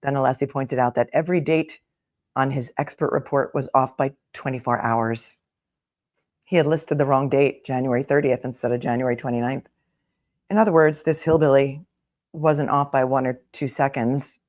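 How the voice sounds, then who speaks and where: A woman's voice: a bass voice, fairly even intonation, moderate pace, darkish tone. A middle-aged woman attorney hosting a live-stream, reading a newspaper column aloud and breaking off for wry, chatty asides. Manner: wry, with chatty asides between read passages.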